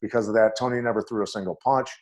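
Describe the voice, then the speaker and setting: A middle-aged former fight coach, appearing as a podcast guest, tells anecdotes bluntly and with animation, acting out voices along the way. His voice is fairly low and very fast.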